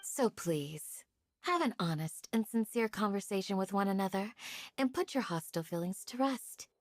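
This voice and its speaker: A woman's voice: mid-range voice, expressive, moderate pace, close to an everyday voice. Candace, a woman voicing a composed guardian. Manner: formal, composed and polite. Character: calm, dutiful female village guardian. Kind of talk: video game voice acting.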